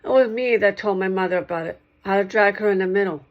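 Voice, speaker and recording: A woman's voice: medium pitch, fast talker, lo-fi sound. A woman talking straight to one listener in a rambling monologue, repeating herself and circling back over the same points.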